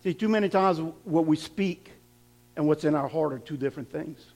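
A man's voice: a little high, normal speed, a little mellow. A man preaching a sermon, laughing now and then and building up to emphatic, repeated lines.

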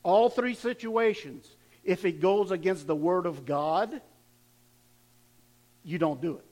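A man's voice: sits high, slow pace, a little mellow. A man preaching a sermon in a conversational way, asking his congregation questions and often repeating words as he goes. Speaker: pastor.

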